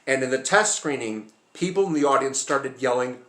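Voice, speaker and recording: A man's voice: medium pitch, lively intonation, moderate pace, fairly bright tone. A man chatting casually to camera about movies, rambling and hesitant with lots of filler sounds. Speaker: movie vlogger. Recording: roomy echoey room.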